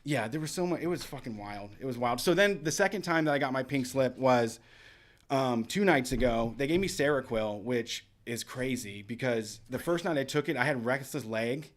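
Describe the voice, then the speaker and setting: A man's voice: mid-range voice, moderate pace. A young man on a casual radio talk show, telling a wild story with lots of swearing and acted-out quotes. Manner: profane, animated storyteller acting out quotes. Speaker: podcast co-host.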